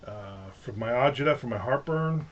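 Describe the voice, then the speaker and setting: A middle-aged livestream host chats at normal speed in a mid-range voice with lively intonation. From home, with the windows open, he rambles through stories punctuated by jokey asides, and the lo-fi recording sounds slightly dull.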